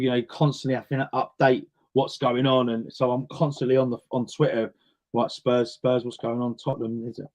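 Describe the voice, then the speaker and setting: This interview guest, a singer, has a mid-range, slightly mellow voice. He talks casually and chattily, acting out the quoted voices of those in his stories.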